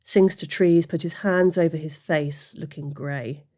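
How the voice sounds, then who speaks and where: A woman reading a fantasy story aloud as narrator, steady and expressive. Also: fairly low pitch, moderate pace. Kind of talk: audiobook fiction reading.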